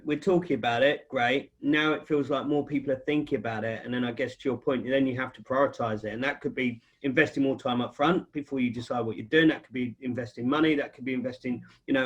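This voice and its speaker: A man hosts a panel over a video call in a mid-range voice. He talks conversationally, thinking aloud as he poses questions. The audio is a little dull. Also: medium pitch. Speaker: panel host.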